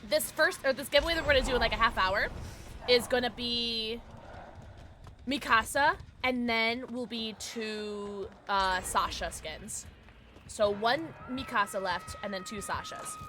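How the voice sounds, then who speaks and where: A young woman streaming a game, chatting with viewers casually, jumpy and excitable, swearing and shrieking when scared. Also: on the high side, unhurried, noisy background. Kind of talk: casual gaming livestream chat.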